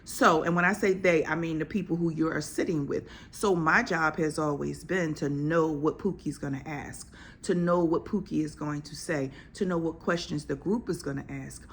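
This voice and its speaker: A woman's voice: deep voice, steady tone, normal speed, slight background noise. A woman doctor, talking bluntly and emphatically in casual slang to her podcast audience. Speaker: OB-GYN physician and podcast host. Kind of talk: casual podcast talk on health.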